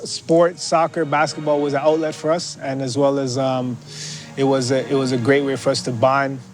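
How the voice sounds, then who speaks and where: A man's voice: medium pitch, level tone, poor audio. Man from Scarborough recalling his youth. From Scarborough, Canada. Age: adult. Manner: halting, many restarts and fillers. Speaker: interviewee, athlete. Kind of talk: reflective documentary interview. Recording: faint music underneath.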